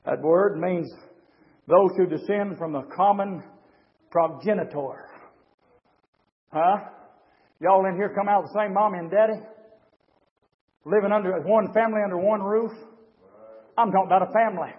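A man preaching a fiery revival sermon in a church, swinging from shouted, rising lines to low, quiet asides. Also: moderate pace, pauses often. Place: church sanctuary with a congregation. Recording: dull lo-fi 1990s church recording with long reverb.

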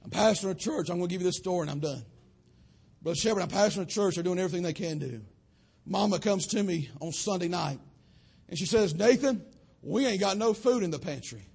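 Raspy, high-voiced preacher. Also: male voice, expressive, quick pace. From western North Carolina. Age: young adult. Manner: preaching cadence, swelling to shouts then dropping low. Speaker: pastor. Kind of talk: sermon.

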